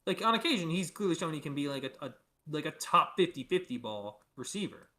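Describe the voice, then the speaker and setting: Animated young man talking football. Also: a little high, fairly quick. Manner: animated, argumentative, many fillers. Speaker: sports podcast co-host. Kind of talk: casual sports chat.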